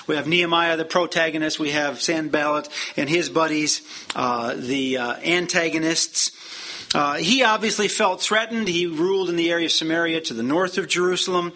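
A man's voice: fairly high pitch, bright, forceful tone. A man teaching a Bible lesson verse by verse in a conversational, explanatory way with frequent fillers.

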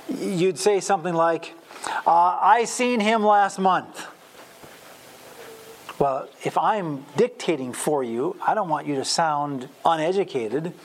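Emphatic man teaching a Bible lesson. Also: fairly high pitch. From Wisconsin. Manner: emphatic, with frequent fillers and restarts. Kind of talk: sermon teaching.

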